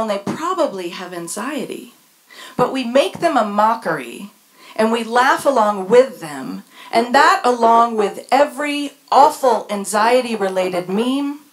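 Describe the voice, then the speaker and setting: A middle-aged woman reading a candid personal essay on stage, wry and dryly humorous. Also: on the high side. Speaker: speaker sharing a personal story. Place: stage before a live audience.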